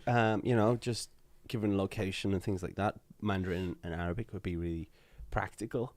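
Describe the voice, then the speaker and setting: Low-voiced Welsh man, dry and close. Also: fairly even intonation, fairly quick, a little mellow, dry recording. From Wales. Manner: playful, laughs often while trading pronunciations. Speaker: podcast co-host. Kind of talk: casual chat.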